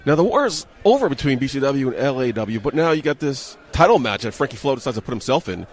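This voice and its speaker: A man's voice: medium pitch, big pitch swings, quick pace. A man hosting a wrestling podcast, casually interviewing wrestlers and wrapping up the night with jokes. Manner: casual, joking. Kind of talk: event wrap-up interview.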